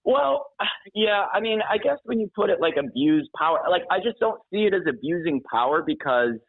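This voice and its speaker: A man's voice: high-pitched, sing-song, moderate pace, no room sound. A man calling in by phone, chatting casually, rambling with frequent restarts and laughs. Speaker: caller. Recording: tinny phone line.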